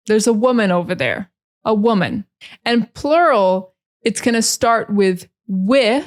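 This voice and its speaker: An American woman teaches pronunciation in a slow, deliberate way. She repeats each word several times and leans hard on the stressed sounds. Her manner is friendly, and her pitch sits at a middle height. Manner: drills words by repeating them slowly with heavy stress; friendly, laughs at her own slips. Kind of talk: slow, clear teaching monologue.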